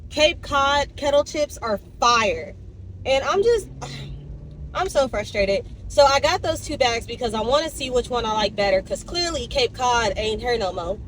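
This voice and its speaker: Young woman, vlogger, casual chat, expressive, ranting, slightly high voice, phone camera, faint background noise. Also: a little slow, poor audio. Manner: expressive, animated, swears and rants. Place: car and convenience store, in and out of doors.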